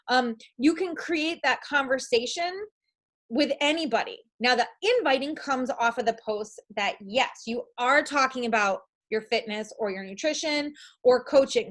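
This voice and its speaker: Chatty high-voiced young woman coaching. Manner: chatty, upbeat, lots of likes and ums; shifts into acted-out quotes of herself. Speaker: coach trainer. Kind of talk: casual training talk.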